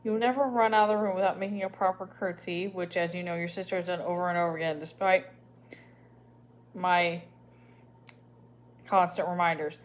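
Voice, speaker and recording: A woman's voice: on the low side, steady tone, brisk, pauses often, dull audio, close to an everyday voice. Haughty English lady, as a woman reader puts her on. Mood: condescending. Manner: condescending, mocking. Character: haughty condescending English lady, grating laugh.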